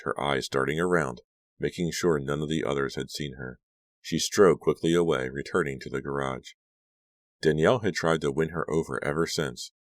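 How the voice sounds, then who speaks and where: Very deep-voiced man narrating an audiobook. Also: no echo. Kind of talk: scripted narration.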